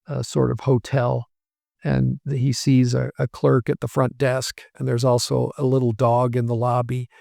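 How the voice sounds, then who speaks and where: A male professor speaks in a patient, explanatory way, building his points from everyday examples. His voice has a gravelly edge and sits at an ordinary middle pitch. The recording is dry, with little room sound around him. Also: dark tone, dry recording. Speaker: language professor as guest. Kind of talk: explanatory interview talk.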